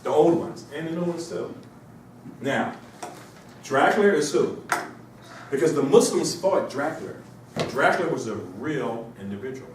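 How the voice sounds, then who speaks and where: A man's voice: a little high, animated, moderate pace, pauses often, distant mic, a little hiss or hum. Rambling man lecturing in an echoey classroom. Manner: rambling, asks rhetorical questions. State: has a cold. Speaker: instructor. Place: university classroom.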